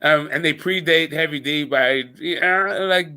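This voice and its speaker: A man with a fairly high, bright and forceful voice, talking in a relaxed chat. He stops and starts, filling gaps with uh and like, and laughs easily. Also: a little slow, clean tone. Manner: hesitant, filler-heavy, laughs easily. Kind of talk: casual podcast chat.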